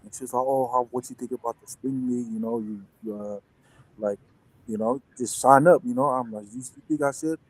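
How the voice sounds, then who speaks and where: A man's voice: mid-range voice, a little fast, no echo, rough recording. A young man, a football player and interview guest, telling a story in casual chat, rambling with many restarts and fillers.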